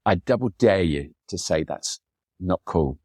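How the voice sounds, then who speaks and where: A middle-aged photographer, guesting on a podcast, tells enthusiastic, chatty stories and slips into acted quotes. His deep voice is warm and unhurried with lively intonation, captured in a dry, studio-quality recording.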